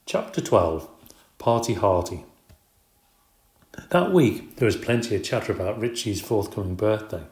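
A man reading a children's storybook aloud in an expressive, brisk way. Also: lowish voice. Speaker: audiobook narrator. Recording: roomy echo.

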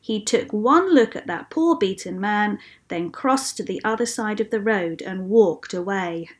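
A woman voicing Jesus as a calm, kindly male teacher in a read-aloud storybook, speaking gently and patiently. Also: mid-range voice, unhurried, lightly acted.

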